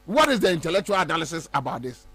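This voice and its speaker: A Ghanaian man giving animated political commentary, mixing Twi and English and mimicking other people. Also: fairly high pitch, rapid-fire, breathy edge.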